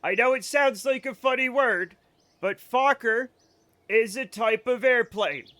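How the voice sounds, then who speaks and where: Prim schoolteacher as a man puts it on, high voice, slow patient lecturing. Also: sharp tone, full character voice. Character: prim schoolteacher calming giggling kids.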